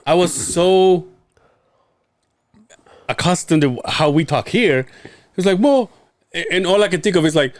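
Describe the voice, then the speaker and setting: A man's voice: fairly high pitch, a little slow, pauses often, no room sound, studio quality. A young man from Mexico on a podcast, telling stories in casual chat, laughing often and acting out the voices of the people he quotes. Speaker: podcast co-host.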